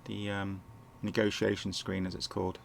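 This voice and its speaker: A man with a sore throat and a croaky voice, rambling and correcting himself as he casually talks through a management game at home. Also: fairly low pitch, monotone, normal speed. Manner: rambling, self-correcting, chuckles often. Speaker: gameplay commentator. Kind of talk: casual game walkthrough commentary. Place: home, indoors.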